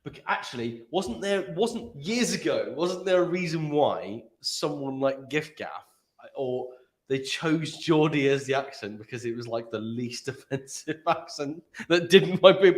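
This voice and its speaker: A man chatting casually in a meeting room, with a lively voice that swoops up and down. He rambles playfully, often stopping and restarting his sentences. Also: on the high side, unhurried. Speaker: guest, tech industry worker. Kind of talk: casual chat.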